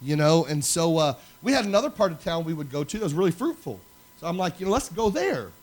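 A man preaching a sermon, telling personal stories in an animated way that swings from loud to hushed. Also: a little high, fast talker. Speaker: pastor.

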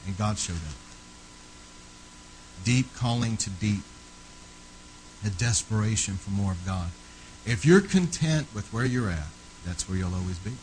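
A man preaching a fervent sermon, rising to loud, emphatic peaks and then dropping low and quiet. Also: animated, measured pace, long pauses, slight background noise, rough recording.

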